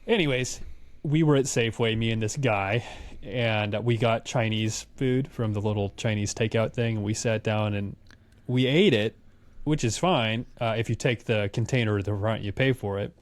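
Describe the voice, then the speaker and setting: A man's voice: on the low side, moderate pace, no room sound. Guy on a podcast telling a story, acts out the quotes, dry close sound. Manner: animated storyteller acting out quotes. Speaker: podcast co-host. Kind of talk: casual storytelling chat.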